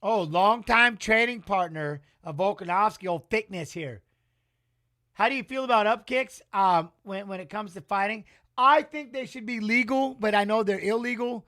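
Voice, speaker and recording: A man's voice: high voice, moderate pace, sharp tone. A middle-aged man giving casual live fight commentary in a rambling, emotional, salty way. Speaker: watch-along commentator.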